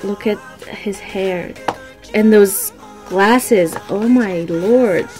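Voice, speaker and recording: A young woman vlogs herself unboxing an album, gushing breathlessly like an excited fan, though her mid-range, slightly mellow voice moves very slowly. The recording is rough, with faint music in the background.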